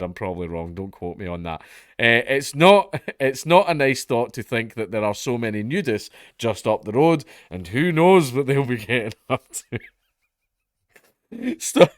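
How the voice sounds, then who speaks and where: A man's voice: lowish voice, no echo, clean studio sound. A man with a Scottish accent giving casual, sardonic commentary on a news story, swearing and laughing at his own jokes. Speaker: commentary vlogger.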